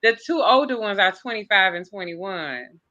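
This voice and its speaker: Bright-voiced Southern woman chef. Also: mid-range voice, animated, moderate pace, highs cut off. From Chicago. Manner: warm, laughs easily. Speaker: vegan chef and caterer. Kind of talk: casual interview chat.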